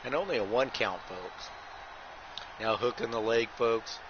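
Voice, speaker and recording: A man calling wrestling play-by-play over a video game like a ring announcer, tacking "folks" onto almost every line and bursting into shouts at big moves. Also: mid-range voice, a little slow. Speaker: host and play-by-play commentator. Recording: muffled audio with steady background noise.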